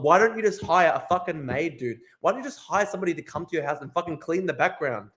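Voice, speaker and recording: A man's voice: fairly high pitch, fast talker, hardly any pauses. A man hosting a casual livestream, ranting in a profane, incredulous way and repeating himself. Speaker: streamer host.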